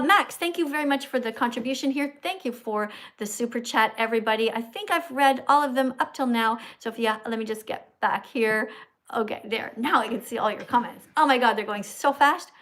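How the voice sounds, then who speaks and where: A woman hosting a live stream, blunt and bossy, often turning aside to talk to viewers. Her voice sits a little high and her manner stays confrontational. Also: normal speed, fairly bright tone. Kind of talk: casual live-stream chat.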